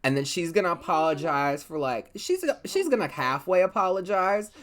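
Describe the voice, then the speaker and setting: A woman's voice: fairly low pitch, very animated, moderate pace. A woman giving casual, rambling gameplay commentary, cursing freely and filling her talk with "like" and "you know". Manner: chatty, profane, rambling storytelling with many fillers. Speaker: let's play host.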